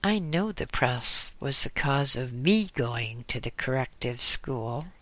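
Chatty gossipy woman in an audiobook, read by the narrator, slow, bright voice. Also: medium pitch, expressive, no room sound.

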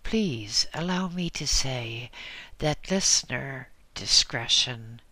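Slow, gravelly-voiced man reading. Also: mid-range voice, animated, bright, forceful tone, no room sound. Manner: polite and apologetic. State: gravelly, raspy breathing from a cold. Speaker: audiobook narrator. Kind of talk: reading an audiobook introduction.

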